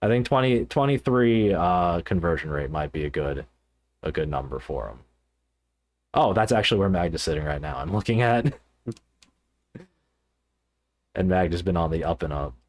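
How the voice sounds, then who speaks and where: A man co-hosting a podcast, talking casually and haltingly, with many fillers and restarts. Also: sits low, lively intonation, a little mellow. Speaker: podcast co-host. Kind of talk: casual podcast chat about card games.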